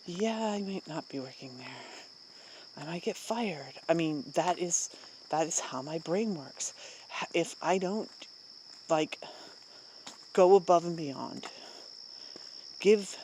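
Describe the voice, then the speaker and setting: An adult vlogger venting casually to the camera, rambling with many fillers, restarts and short laughs, getting louder and more emphatic when indignant. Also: mid-range voice, slight background noise. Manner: rambling and candid, many fillers and self-interruptions, frequent laughs. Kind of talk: casual personal vent to camera.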